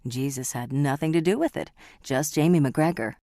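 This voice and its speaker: Audiobook narrator: woman, very deep, dry, dramatic and measured. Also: dark tone, no echo.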